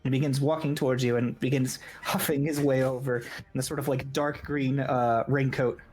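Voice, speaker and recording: A man's voice: mid-range voice, little pitch movement, moderate pace, darkish tone. A man narrating a tabletop game as game master, in a casual style with frequent "like" fillers.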